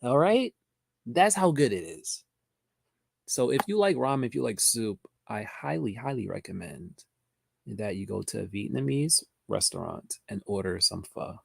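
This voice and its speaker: A man talks viewers through a live trading lesson in a relaxed, chatty way, answering questions from the chat as they come in. His voice has a gravelly edge. The sound is dry and close, with no room echo. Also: on the low side, measured pace. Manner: chatty, addresses viewers directly, reads chat comments aloud. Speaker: trading educator hosting a livestream. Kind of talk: casual livestream teaching, answering chat.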